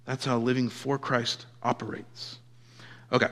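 A man's voice: medium pitch, level tone, measured pace. Emphatic preacher man in a reverberant hall. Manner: emphatic, swinging from loud declarations to quiet asides. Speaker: pastor. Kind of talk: sermon.

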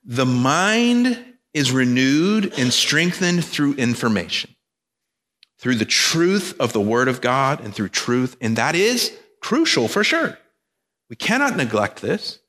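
A man's voice: mid-range voice, sing-song, takes it slowly, a bit bright. A male pastor preaching a sermon, emphatic and repetitive, with joking asides. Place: church sanctuary. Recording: long reverb of a church hall.

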